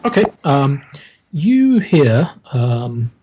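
A very husky male game master who takes his time. He narrates a tabletop horror game in a hesitant, halting way, full of ums. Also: medium pitch, big pitch swings, dark tone, lo-fi sound.

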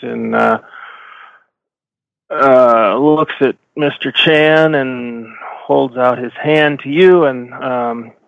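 A man narrates as game master in a tabletop game, slow and halting, stopping often to search for words. His voice is gravelly. The dry recording sounds slightly dull. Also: mid-range voice, a bit bright, dry recording. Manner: halting, many fillers and self-corrections.

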